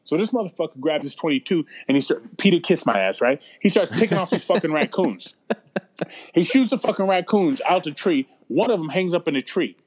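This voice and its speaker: A quick, slightly high-voiced man spins rowdy stories on a casual podcast, swearing freely and pushing his voice up for the punchlines. He talks fast and loose, like a regular on the show. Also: breathy edge. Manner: profane, animated storyteller. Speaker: podcast co-host. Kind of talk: casual chat, storytelling.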